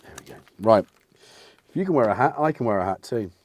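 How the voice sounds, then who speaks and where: A man's voice: fairly low pitch, animated, fast talker, a little mellow. A middle-aged English man hosting a casual livestream, rambling and self-mocking as he answers the chat. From England. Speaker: livestream host.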